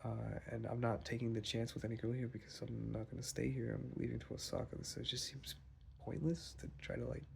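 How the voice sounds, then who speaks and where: A young man rambles through a story for his vlog, swearing freely and getting animated as he talks. His voice has a gravelly, fry-laden edge and sits at an ordinary pitch. A faint hiss of background noise runs underneath. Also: a little fast. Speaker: vlogger. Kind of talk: casual storytelling journal.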